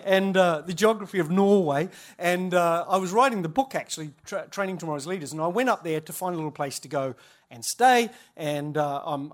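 Church speaker, man, light high voice; casual anecdotes, laughs at his own jokes. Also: a bit bright. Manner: chatty, self-interrupting, laughs at own stories. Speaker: church leader speaking at a conference. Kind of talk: humorous storytelling talk.

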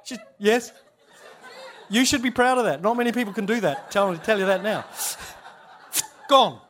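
Church speaker, man, light high voice; casual anecdotes, laughs at his own jokes. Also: normal speed, fairly bright tone, a little hiss or hum. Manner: chatty, self-interrupting, laughs at own stories. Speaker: church leader speaking at a conference. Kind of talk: humorous storytelling talk.

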